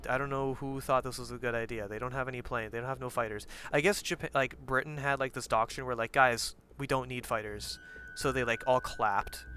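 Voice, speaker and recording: A man's voice: medium pitch, bright, forceful tone, slight background noise. A young man giving casual, profane commentary while playing a strategy game, rambling with lots of fillers and jokes.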